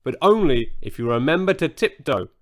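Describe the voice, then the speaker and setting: A man's voice: fairly high pitch, lively intonation, normal speed, natural voice. A man voicing a grumbling, bossy old male triceratops in a children's storybook. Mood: grumpy. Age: older.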